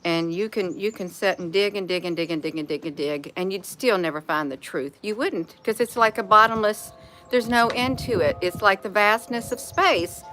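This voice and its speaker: A bright-toned woman with a lilt, talking to viewers in a relaxed morning livestream. She is folksy and encouraging and calls everyone honey, over a faint bed of music. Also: mid-range voice, normal speed. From Indiana, USA. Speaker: livestream host. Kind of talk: casual morning livestream chat.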